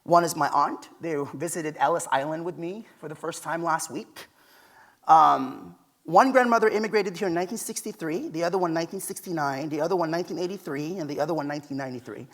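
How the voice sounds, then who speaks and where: A man's voice: a little high, fast, fairly bright tone. Man giving a storytelling keynote. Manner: conversational storytelling, emphatic. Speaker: keynote speaker. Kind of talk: conference keynote with personal stories. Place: conference stage.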